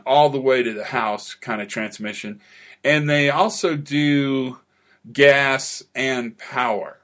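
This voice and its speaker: A man's voice: mid-range voice, a bit bright. A man hosting a podcast, introducing the episode with playful, emphatic enthusiasm. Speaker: podcast host.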